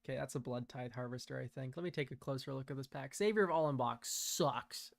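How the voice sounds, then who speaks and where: A young man giving relaxed, chatty commentary while playing a card game, laughing often and using casual slang. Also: mid-range voice, fast, creaky, no room sound, studio quality. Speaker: streamer.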